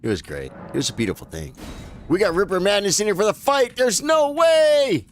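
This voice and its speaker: A man's voice: fairly high pitch, wildly swooping pitch, quick pace, a little hiss or hum. Chatty man streaming a game. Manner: casual, chatty, addresses viewers as bro and folks. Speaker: gaming streamer. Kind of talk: live gameplay commentary.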